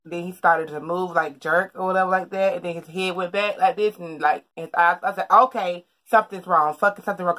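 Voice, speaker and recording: A young woman with a low voice chats straight to her camera from her bedroom. She tells a story in a loose, rambling way, full of fillers and restarts. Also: fairly bright tone. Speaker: vlogger. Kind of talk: casual storytelling vlog. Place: bedroom at home.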